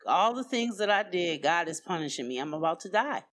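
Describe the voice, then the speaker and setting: A woman's voice: fairly low pitch, brisk, few pauses, a bit bright. A woman candidly telling her own life story in a loose, conversational way, with lots of "you know" and "like". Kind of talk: personal storytelling, unscripted.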